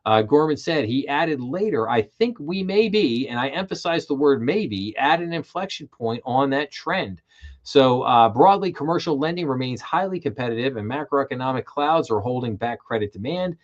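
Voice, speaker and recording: A man's voice: mid-range voice, animated, moderate pace, muffled recording. A man hosting a livestream, reading banking headlines aloud and adding casual commentary with frequent fillers. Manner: casual, reads headlines then riffs with fillers. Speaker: show host. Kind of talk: livestream financial news commentary.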